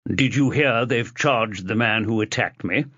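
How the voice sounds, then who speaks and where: A man's voice: lowish voice, a little slow, pushed and bright, slightly rough, no room sound, dull audio, full character voice. A man voicing an oily, fawning older male judge who talks in a wheedling, ingratiating way.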